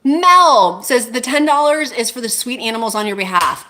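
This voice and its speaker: A woman's voice: fairly high pitch, animated, moderate pace, sharp tone, slight background noise. A woman hosting a casual livestream, gushing and effusive as she greets viewers and reads their comments aloud. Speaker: livestream host.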